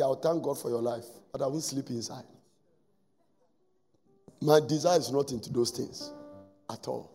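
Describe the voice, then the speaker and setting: A man preaching a sermon as pastor, swinging between loud exhortation and hushed asides. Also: on the high side, vocal fry. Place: church hall. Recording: echoey church hall with faint music. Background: faint music.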